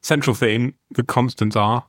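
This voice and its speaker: A man's voice: medium pitch, steady tone, normal speed, a bit bright, dry recording, studio quality. A man hosting a podcast in casual chat, rambling and giggling, in a sound-treated booth. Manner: rambling, giggly, self-mocking. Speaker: podcast host.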